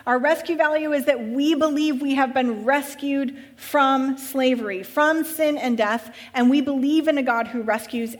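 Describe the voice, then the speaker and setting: A woman pastor with a high voice speaks to her church in an easygoing, conversational way and adds dry jokes along the way. Her voice rings out with a long reverb, as if she is in a large hall. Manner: conversational, with wry humorous asides. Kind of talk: church vision talk.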